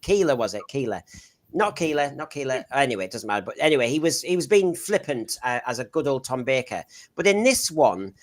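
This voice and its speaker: A man's voice: mid-range voice, big pitch swings, a little fast. A man co-hosting a casual podcast discussion, rambling, laughing mid-sentence and searching for names. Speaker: podcast co-host.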